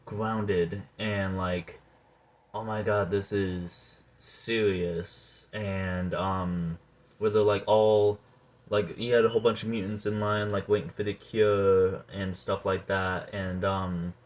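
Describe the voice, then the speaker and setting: A man in casual rambling talk as a movie reviewer, animated, swearing often and trailing off with fillers. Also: on the low side.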